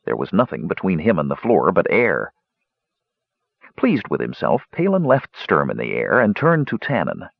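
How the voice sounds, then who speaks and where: A man reads a fantasy story aloud in a lowish, husky voice with lively pitch movement. His narration is expressive. The recording is dull, dry and lo-fi, close to the mic. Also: normal speed, no echo. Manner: expressive reading with many character voices. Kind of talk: audiobook narration.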